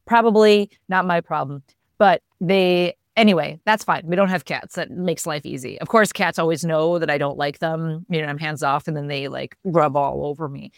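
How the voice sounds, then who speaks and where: A man's voice: fairly high pitch, normal speed, vocal fry, clean tone, no room sound, clean studio sound. A middle-aged man co-hosting a casual chat, rambling wryly about pets and allergies. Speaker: podcast co-host.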